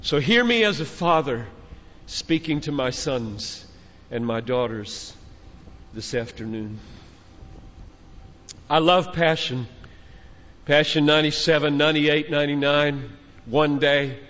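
A man's voice: fairly high pitch, slow pace, pauses often, fairly bright tone. A man preaching a sermon to a large gathering, speaking as a father, with earnest, fatherly exhortation that builds through emphatic repetition. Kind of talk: sermon to a conference crowd. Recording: muffled hall recording with long reverb.

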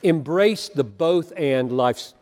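High-voiced earnest preacher in a reverberant hall. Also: male voice, lively intonation, darkish tone. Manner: earnest, emphatic, with deliberate pauses. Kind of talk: sermon on a Bible passage.

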